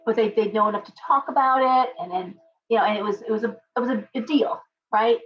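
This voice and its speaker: A woman's voice: fairly high pitch, fast, distant mic. Rambling middle-aged woman, off-mic. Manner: rambling, chatty, greets viewers by name mid-thought. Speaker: tarot reader hosting a live stream. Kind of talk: casual live-stream chat. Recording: dull, lo-fi sound from off-mic.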